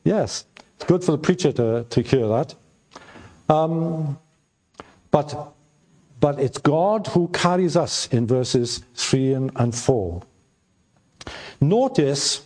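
An older man preaching a sermon, halting with fillers and restarts, and stressing his points by repeating them. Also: on the high side, darkish tone. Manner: slow, halting delivery with many fillers and repeated words; emphatic repetition when reading scripture aloud.

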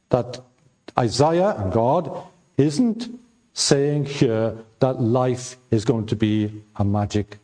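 An older man preaches at a slow, unhurried pace. He stumbles through fillers and restarts, then presses his points home by repeating them with emphasis. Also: on the low side, mellow. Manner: slow, halting delivery with many fillers and repeated words; emphatic repetition when reading scripture aloud. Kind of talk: sermon.

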